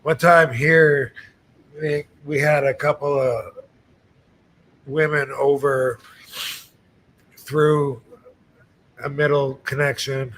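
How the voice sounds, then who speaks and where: A man's voice: on the high side, fairly even intonation, takes it slowly, long pauses, fairly bright tone, poor audio. A man, hosting a casual podcast chat and telling stories with many fillers and restarts. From Michigan, United States. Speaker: podcast host.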